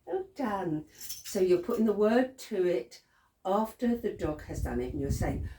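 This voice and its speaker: A chatty woman explains dog training in a casual lesson, laughing often and checking in with "okay". Her voice is low and mellow but moves lively up and down. It sounds roomy and a little distant, picked up by a camera mic across an echoey room. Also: normal speed.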